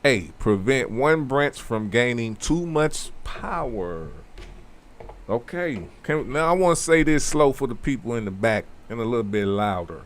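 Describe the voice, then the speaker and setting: A man hosting a casual talk show, explaining a civics question slowly and with emphasis, repeating key phrases and adding conversational asides. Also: medium pitch, lively intonation. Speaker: host.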